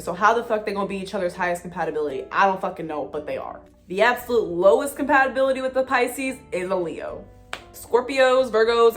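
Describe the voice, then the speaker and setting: A young woman vlogging to camera in a casual, excitable way, full of slang, swearing and "like". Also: mid-range voice. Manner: excitable, slangy and profane, with frequent "like" fillers. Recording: faint music behind.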